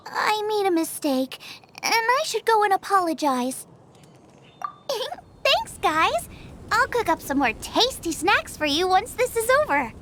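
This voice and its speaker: Bubbly young chef, high lively voice, food-obsessed, eager, game character. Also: female voice, unhurried, a little hiss or hum, exaggerated voice. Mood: apologetic. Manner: bubbly, enthusiastic, rambles about recipes. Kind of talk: game cutscene voice acting. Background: background music.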